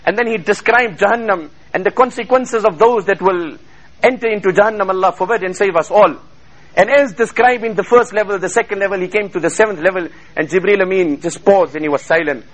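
Guy giving a fired-up sermon, high voice, rattles off arabic quotes real quick. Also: rough recording. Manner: fervent, quotes Arabic in rapid chanted bursts. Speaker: Islamic preacher.

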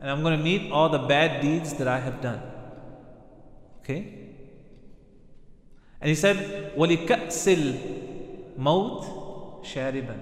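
A man's voice: fairly high pitch, a little slow, pauses often. A man preaching a sermon, retelling stories earnestly, with frequent restarts and recited Arabic phrases. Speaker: Islamic preacher. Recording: echoey hall with long reverb.

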